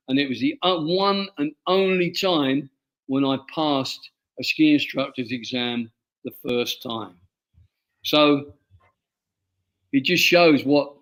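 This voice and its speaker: An older man from England, an author being interviewed, telling stories from his life with many halting restarts and repeated words. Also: a little high. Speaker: author guest. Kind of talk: interview storytelling.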